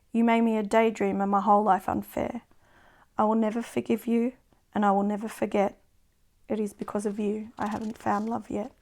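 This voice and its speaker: A woman reading her own poems aloud in a slow, subdued, even way. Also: medium pitch, gravelly. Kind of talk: poetry reading.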